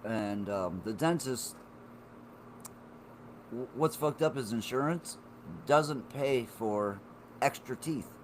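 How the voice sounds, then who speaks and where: Slow-talking profane man in his forties. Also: mid-range voice, slight background noise. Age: 40s. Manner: rambling and profane, talking to chat viewers. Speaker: live streamer. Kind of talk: casual live-stream chat.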